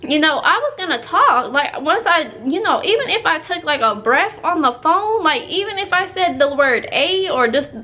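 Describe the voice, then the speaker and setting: A woman's voice: high-pitched, sing-song, moderate pace, few pauses, bright, forceful tone, faint music behind. A young woman telling a storytime vlog in a chatty, emphatic way, packed with fillers. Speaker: vlogger.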